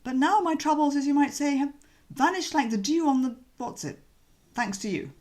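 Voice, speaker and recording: A woman voicing a cheerful young gentleman, breezy and chatty, in a bouncy, slangy audiobook reading. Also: high voice, lively intonation, moderate pace, pitched above the performer's own voice.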